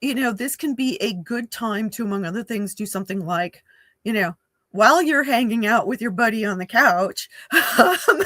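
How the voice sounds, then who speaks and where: A woman's voice: fairly high pitch, normal speed, a bit bright, dry recording. A woman astrologer giving a casual spoken forecast, chatty and full of fillers, often laughing and acting out playful quoted voices.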